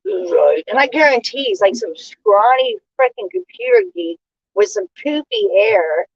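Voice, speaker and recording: A woman vlogging a casual monologue, airing grievances in an indignant rant that stops and restarts in halting pauses. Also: high-pitched, huge pitch swings, creaky, slightly rough, dull audio.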